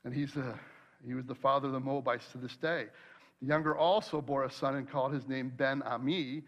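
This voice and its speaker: A man preaching a sermon, telling a personal story in an animated way and acting out his own worried thoughts aloud. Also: mid-range voice, brisk. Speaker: pastor.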